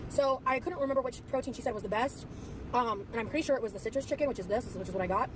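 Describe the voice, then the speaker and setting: A woman's voice: a little high, very fast. A tired young woman vlogging in casual, rambling chat with lots of fillers, played back from her video. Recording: vlog audio with clear background noise.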